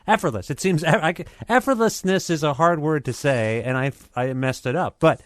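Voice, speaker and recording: A man hosting a podcast, reading a scripted intro and then asking halting, soft-spoken questions with restarts. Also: a little high, clear, resonant tone, dry recording, studio quality. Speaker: podcast host. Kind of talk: scripted intro and casual interview.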